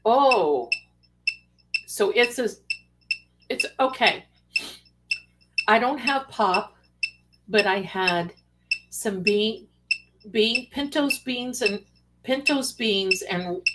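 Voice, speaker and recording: A woman hosting a casual livestream, chatting excitedly as she eats and comments. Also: medium pitch, slow pace, long pauses, heavy background noise. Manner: excited, chatty, talks with mouth full. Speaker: livestream host. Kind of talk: casual live commentary while eating. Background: dish and cutlery clatter.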